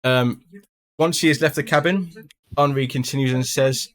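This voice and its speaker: A man's voice: mid-range voice, fairly even intonation, normal speed. A man running a tabletop horror game as game master, narrating casually with frequent ums.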